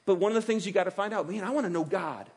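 A middle-aged man preaching a sermon as pastor, animated and acting out quoted voices as he speaks. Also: high voice, very fast, vocal fry, breathy edge. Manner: animated, acts out quoted voices of God and listeners.

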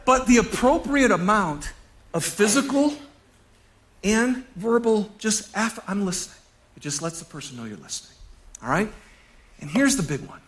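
A pastor giving a casual sermon to his congregation, animated, chuckling often and repeating key phrases. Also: high-pitched, moderate pace, pauses often.

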